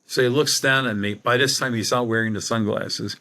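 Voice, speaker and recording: A middle-aged medium and paranormal investigator, interviewed on a podcast, narrates a long story and dramatizes the dialogue. His mid-range voice is pushed and bright, with fairly even intonation and a slightly fast pace.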